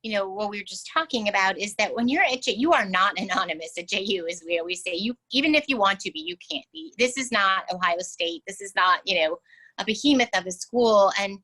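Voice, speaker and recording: A woman's voice: mid-range voice, animated, brisk, sharp tone, low-quality recording. A woman speaking conversationally on a panel over a video call, with many filler phrases. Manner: conversational, many you-knows. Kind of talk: panel chat.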